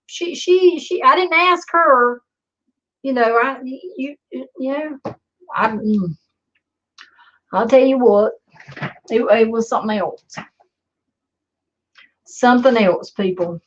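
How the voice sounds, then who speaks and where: Sarcastic woman rambling through a story, lots of swearing, kinda high voice, dull lo-fi sound. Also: expressive, takes it slowly, pauses often. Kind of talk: casual storytelling vlog.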